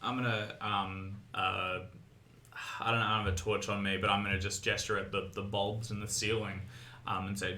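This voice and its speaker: A man playing a tabletop game, speaking in a hesitant, halting way with many fillers. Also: fairly low pitch, little pitch movement, pushed and bright, slight background noise. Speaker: player. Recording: roomy echo.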